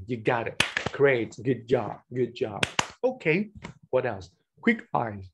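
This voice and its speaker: A man's voice: mid-range voice, big pitch swings, slow pace, noisy background. A man whose first language is Vietnamese, running an online teacher-training session over a webcam and explaining classroom games step by step.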